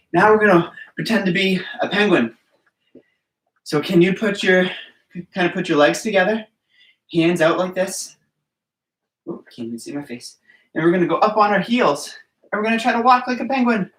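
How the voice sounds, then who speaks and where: Encouraging gymnastics coach, distant and roomy. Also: mid-range voice. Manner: encouraging, counts aloud while demonstrating; talks simply to small children and parents. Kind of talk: children's movement class.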